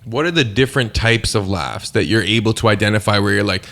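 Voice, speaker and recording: A man hosting a podcast, asking questions in a casual, halting way and leaning on "like" a lot. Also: lowish voice, vocal fry, fairly bright tone. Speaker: podcast host.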